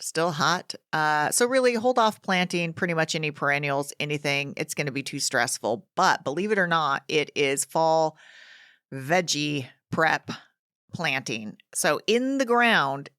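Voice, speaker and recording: A woman's voice: low voice, pushed and bright, no echo, studio quality. A woman hosting a gardening podcast, chatting in a rambling, casual way with frequent restarts. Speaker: garden show host.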